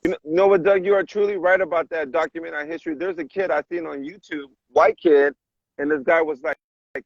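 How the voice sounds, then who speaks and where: A man's voice: on the high side, fairly even intonation, brisk, no echo. A man hosting a casual conversation, laid-back and agreeable as he listens and chats. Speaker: host. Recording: dull, dry sound.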